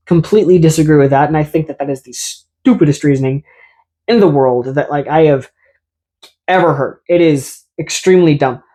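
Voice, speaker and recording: A man's voice: a little high, a little mellow. A man, a fitness YouTuber, delivering a ranting vlog monologue to camera in an exasperated, sarcastic way, with self-aware asides.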